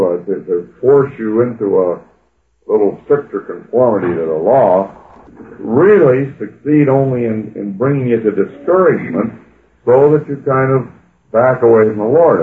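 A man's voice: mid-range voice, reverberant, slight background noise. Man preaching on a tinny old radio broadcast. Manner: conversational, folksy, with filler uhs and acted-out quotes. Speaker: pastor. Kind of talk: sermon.

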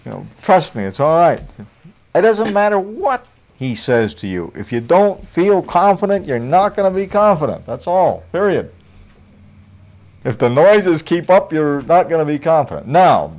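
Folksy preacher man with a lively voice. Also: medium pitch. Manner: folksy, homespun, chuckles often. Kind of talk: conversational sermon. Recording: dull lo-fi recording.

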